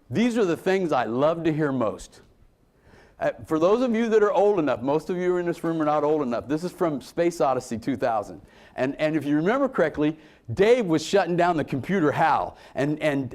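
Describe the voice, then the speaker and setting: A man speaking to a conference room in a lively, fairly high voice. His pitch leaps around as he drives points home, then drops into quiet asides. He talks like a motivational speaker working the crowd. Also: moderate pace. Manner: animated, swings between loud emphasis and low asides.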